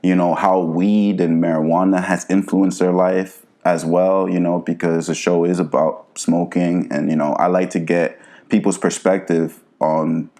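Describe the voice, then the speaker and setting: A man from New Jersey, a guest on a podcast, talking in a relaxed, laid-back way with lots of "you know". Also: low-pitched, measured pace, few pauses. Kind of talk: casual interview chat.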